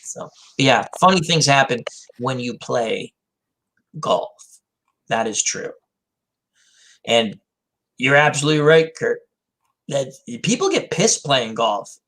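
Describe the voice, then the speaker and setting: A man's voice: medium pitch, expressive, slow pace, long pauses, a bit bright. A man hosting a casual chat, rambling through self-deprecating stories. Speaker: host. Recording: faint background noise.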